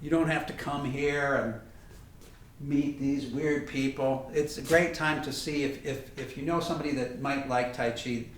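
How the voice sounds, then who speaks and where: This man, steady in tone with a medium-pitched voice and a moderate pace, runs a tai chi class by video from a training room with a heavy bag, chatting and correcting himself as he shows each move. The recording has heavy room echo, a faraway mic, and a faint hiss.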